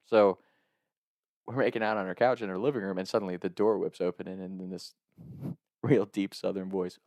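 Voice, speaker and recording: Casting: man, lower voice, dry close sound, chatty comic storyteller who keeps cracking up. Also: normal speed, dry recording. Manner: laughs often, animated, swearing, filler-heavy. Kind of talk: casual comedic storytelling.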